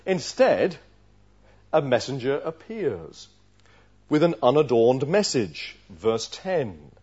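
A man preaches a sermon with a lot of expression. His pitch swings widely as he acts out the characters, and the recording sounds dull and lo-fi. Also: takes it slowly, breathy edge. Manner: expressive, acts out the voices of the story.

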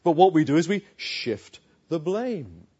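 Lively, high-voiced man preaching a sermon. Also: measured pace, husky, muffled recording. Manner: emphatic, asks rhetorical questions.

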